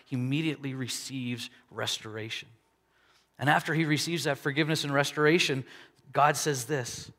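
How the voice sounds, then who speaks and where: A man preaching a sermon, conversational and animated, voicing the people in his story. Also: medium pitch. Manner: conversational preaching with dramatic quoted dialogue. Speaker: pastor. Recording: long hall reverb.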